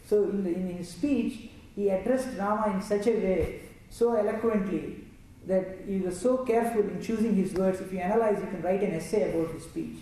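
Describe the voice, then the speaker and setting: A Telugu man, a religious storyteller, leads a scripture discourse, explaining the text and reciting Sanskrit verses at a moderate pace. His voice is fairly high and mellow. The mic sits far away in a heavily echoing room with faint ambience and slight background noise.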